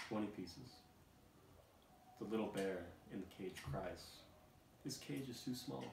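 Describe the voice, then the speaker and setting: A man hosting a comedy show, reading a storybook aloud in a mock-solemn, deadpan way with fake emotional asides. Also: fairly low pitch, measured pace, creaky, long pauses. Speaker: host. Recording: roomy, distant, noisy room.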